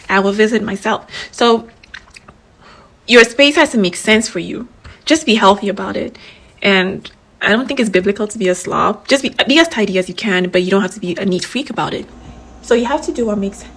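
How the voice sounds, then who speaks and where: A young woman from Ghana talking candidly in a casual vlog, giving gentle, reassuring advice. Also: mid-range voice, fairly quick, rough recording. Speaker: vlogger.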